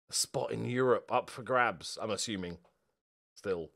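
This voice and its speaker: A young man giving a football video game live commentary, excitable and sweary, moving between quiet muttering and loud outbursts. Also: fairly low pitch, unhurried, creaky. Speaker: gaming video host.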